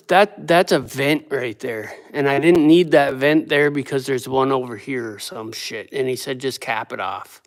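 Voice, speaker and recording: A man working as a building contractor, grumbling and swearing to himself and his viewers as he works. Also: mid-range voice. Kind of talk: casual work vlog, talking while working. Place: windowless building under construction, indoors. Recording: echoey room, distant mic, faint noise.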